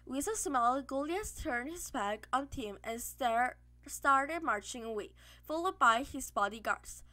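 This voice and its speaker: A woman reading a children's novel aloud as an audiobook, in steady narration with frequent slips and restarts. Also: high voice, a little slow. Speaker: audiobook reader.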